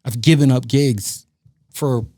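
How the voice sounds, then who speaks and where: Man, from Brooklyn, raspy fry in the voice, casual storytelling, acts out quotes, dry studio mic. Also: mid-range voice, slow, dry recording. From Brooklyn, New York. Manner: animated anecdote-telling, acting out quoted dialogue, frequent profanity. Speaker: guest DJ and producer.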